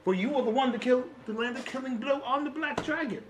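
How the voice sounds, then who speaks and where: A man voicing a boastful male fire genasi inventor and shopkeeper, pitching himself like a grand salesman. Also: fast talker, a little hiss or hum.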